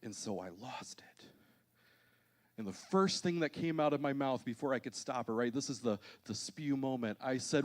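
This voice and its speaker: In a church auditorium, a pastor in his thirties preaches to the congregation with a medium-pitched voice at a moderate pace. His delivery is humorous, built on self-deprecating anecdotes that poke fun at himself.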